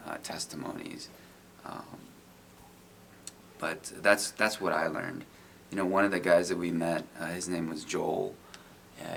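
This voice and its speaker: A middle-aged man with a very low, gravelly voice tells his story in an earnest, casual way, leaning on "you know" as he goes. Faint noise sits under the recording. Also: fairly bright tone. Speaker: guest, IT business owner. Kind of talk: casual testimony.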